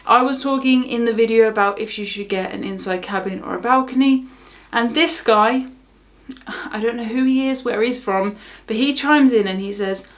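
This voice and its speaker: Shrugging off her critics, a young southern English cruise vlogger chats to camera in a relaxed, wry way. Her voice sits slightly high, her accent is clear, and she keeps a moderate pace, laughing things off easily.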